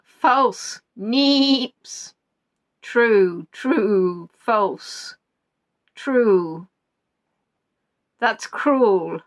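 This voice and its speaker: A woman running a live-stream quiz with a lively, sing-song voice that swoops high and low. She talks at an unhurried pace, wanders off into jokey tangents and reads out viewers' answers. Her voice sits a little on the high side. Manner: playful, rambling, jokey asides, reading out viewers' answers.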